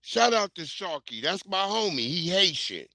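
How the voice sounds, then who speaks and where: Heated New man, high bright voice. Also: sing-song, moderate pace, no echo. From New York. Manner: blunt, heated, profane street talk. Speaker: livestream host. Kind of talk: casual ranting commentary.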